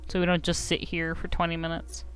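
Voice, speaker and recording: A woman's voice: lowish voice, completely flat delivery, fairly quick, soft background music. A young woman streaming a game, chatting casually in a giggly, self-mocking, rambling way. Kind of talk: casual live-stream chat.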